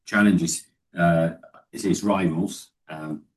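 A man's voice: sits low, fairly even intonation, takes it slowly. A man giving a discursive, explanatory Bible study lesson, with the voice recorded from a distance. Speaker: Bible teacher.

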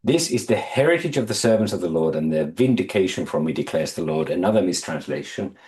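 A man with a lowish voice teaches a Bible study in an echoey room. He reads verses aloud, then unpacks them thoughtfully, often restarting his sentences and putting questions to his group. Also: lively intonation, a little mellow. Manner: thoughtful, halting restarts, reads scripture aloud and quizzes listeners.

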